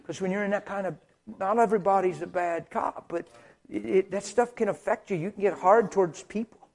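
A man preaches a story-driven sermon, his voice pitched high and edged with husk. He acts out the scenes dramatically, dropping to a hushed near-whisper before rising to excited shouting. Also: fairly quick, vocal fry.

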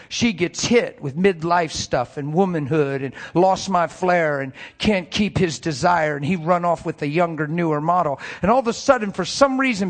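A man preaching a sermon, telling a story that swings from hushed, soft passages to loud, straining, emotional preaching. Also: high voice.

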